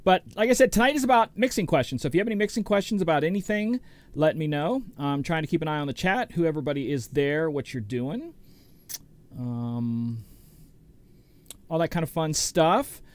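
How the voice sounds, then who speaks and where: A man's voice: on the high side, no echo. Chatty DJ host, a man with a dry, close sound. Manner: rambling, chatty, greets viewers by name. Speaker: DJ and show host. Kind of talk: casual livestream chat.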